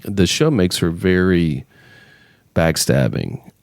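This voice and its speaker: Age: adult. Sex: male. Role: podcast host. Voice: very deep with a gravelly creak, recorded close and dry in a studio. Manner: joking, quick asides, frequent restarts. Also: expressive, a little mellow, dry recording. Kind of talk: casual interview chat.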